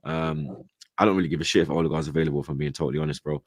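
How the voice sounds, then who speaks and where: Ranting low-voiced London man. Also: fairly even intonation, rapid-fire, no room sound. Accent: London, multicultural London English slang. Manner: ranting, slangy, swears a lot, rising to loud outbursts. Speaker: football podcast host. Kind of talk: heated casual football chat.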